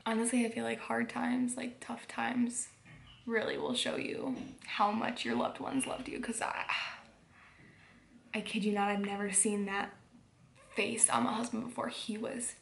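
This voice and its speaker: A woman's voice: fairly high pitch, level tone, moderate pace, vocal fry, slight background noise. A young woman vlogger telling a personal story at home at bedtime, rambling with lots of fillers. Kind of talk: casual storytelling vlog.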